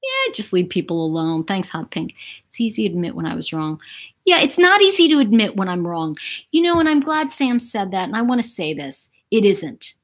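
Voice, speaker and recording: A chatty woman from New York City hosts a casual livestream. She talks in an animated, conversational way at a middle pitch and reads comments from her viewers aloud as she goes. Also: brisk. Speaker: livestream host. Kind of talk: casual live-chat monologue.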